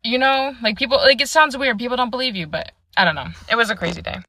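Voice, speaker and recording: A woman's voice: on the high side, quick pace, bright, forceful tone, no echo. A young woman telling a personal ghost story casually, rambling with many fillers into a close phone mic. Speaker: storyteller in a clip.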